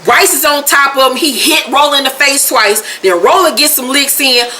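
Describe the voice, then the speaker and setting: A woman's voice: high voice, moderate pace, sharp tone, a little hiss or hum. A woman giving a casual, slangy recap of a TV episode, laughing often as she talks. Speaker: TV show reviewer.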